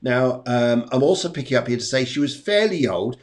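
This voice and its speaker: A middle-aged man talks at an ordinary pitch as he hosts a live psychic reading show. He rambles chattily, often repeating his words, while he shuffles cards and calls out to viewers. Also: animated, a little fast. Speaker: psychic medium and show host. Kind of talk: live-stream tarot readings. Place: home during a storm.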